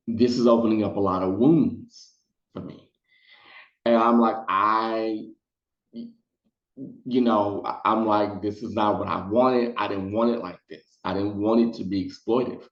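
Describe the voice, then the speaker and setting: A man telling a personal story in casual vlog style, acting out the people he quotes. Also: measured pace. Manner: animated, acts out quotes in high voices. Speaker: storytime vlogger. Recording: roomy, dull lo-fi sound.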